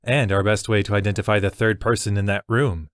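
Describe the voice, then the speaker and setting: A man voicing a calm young male companion who speaks in an affirming way. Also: fairly low pitch, fairly quick, no room sound, clean studio sound, lightly acted.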